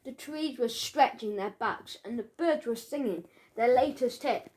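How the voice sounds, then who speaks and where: High, slow woman reading a children's story. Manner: playful, expressive storytelling. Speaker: audiobook reader. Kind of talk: children's audiobook narration.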